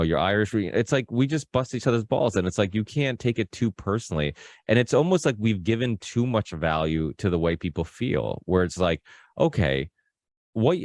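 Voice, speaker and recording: Deep-voiced rambling male podcast host. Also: darkish tone, no echo, studio quality. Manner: rambling, full of fillers and restarts, swears freely. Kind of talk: casual podcast chat.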